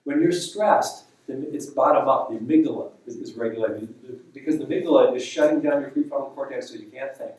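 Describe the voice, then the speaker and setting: A man, a neuropsychologist, explaining brain science in a public lecture, with halting restarts. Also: medium pitch, a little mellow. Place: lecture room. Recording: roomy hall, distant mic.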